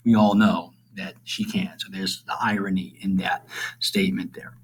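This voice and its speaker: A man's voice: deep voice, moderate pace, rough recording. A man teaching, summarizing a play for students in a casual, rambling way, full of fillers and asides.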